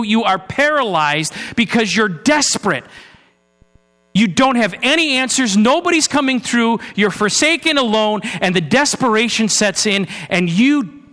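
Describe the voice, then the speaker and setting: High-voiced preacher in a reverberant church. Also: male voice. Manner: earnest, swings from raised urgency to low hushed delivery. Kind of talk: sermon. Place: church sanctuary. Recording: long hall reverb with mains hum.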